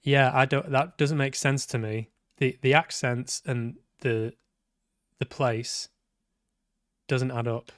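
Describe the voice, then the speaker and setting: Male streamer, unhurried and sardonic, dry close sound, swears freely. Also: medium pitch, fairly even intonation, a bit bright, dry recording. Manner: sweary, sarcastic, talks back at the characters. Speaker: game streamer. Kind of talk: live let's-play commentary.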